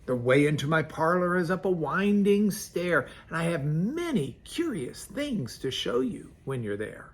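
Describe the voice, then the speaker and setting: A man voicing a cunning, flattering spider in a storybook poem, sweet-talking and wheedling. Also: a little high, unhurried, hardly any pauses, pitched above the performer's own voice, heavily acted.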